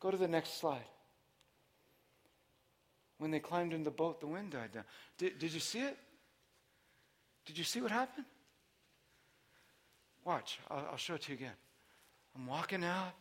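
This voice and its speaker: A man preaching a sermon, telling a story with lively buildups into shouting. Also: on the high side.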